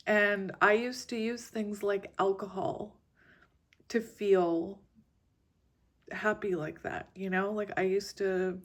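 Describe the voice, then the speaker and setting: A woman in her forties, chatting in a rambling, casual way with frequent soft laughs as she gives a tarot reading. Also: medium pitch, fairly even intonation, slow pace. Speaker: tarot reader.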